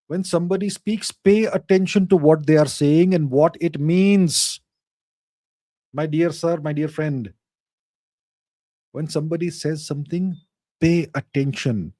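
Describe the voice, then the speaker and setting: A man's voice: fairly high pitch, a little slow, warm tone, no echo. Emphatic man, dry close sound. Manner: emphatic, lecturing, repeats phrases for stress. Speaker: host answering viewer questions. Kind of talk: casual live Q&A.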